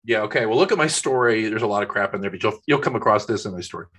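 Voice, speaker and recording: A man co-hosting a podcast from his home office, chatting casually and telling animated anecdotes. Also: on the low side, very fast. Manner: animated storyteller, acts out voices in his anecdotes. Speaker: podcast co-host. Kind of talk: casual chat.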